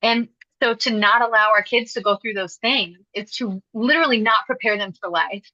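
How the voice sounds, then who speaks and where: A woman's voice: fairly high pitch, normal speed, pushed and bright, no echo, lo-fi sound. A woman hosting a parenting podcast, speaking in an emphatic, direct way as she explains her point. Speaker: podcast host and parenting coach. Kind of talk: podcast teaching talk.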